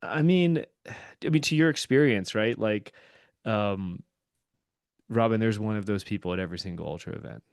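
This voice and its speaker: Male guest, low smooth voice, dry close sound, earnest and thoughtful. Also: normal speed, pauses often, dry recording. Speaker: podcast guest, ultrarunner and commentator. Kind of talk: casual interview talk.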